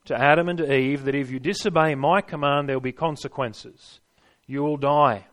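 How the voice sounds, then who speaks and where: A man preaching in a church, measured and emphatic, repeating phrases for rhythm and stressing key words. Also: on the high side. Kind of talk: sermon.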